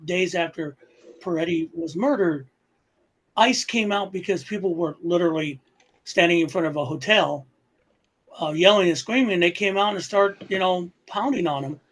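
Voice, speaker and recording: A man's voice: high-pitched, slightly rough. A man hosting a political talk show, heated and profane, his voice jumping up in anger. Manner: angry, profane, swings loud. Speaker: podcast host.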